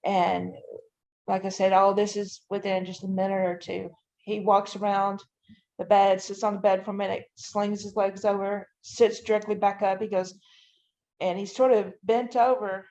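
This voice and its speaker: A woman, a guest on a podcast, gives an emotional personal account to the host in a low, crackling vocal fry, detailing each moment with frequent "you know" and "I'm like." Her delivery is flat at normal speed with a dark tone, and the audio is dull and lo-fi.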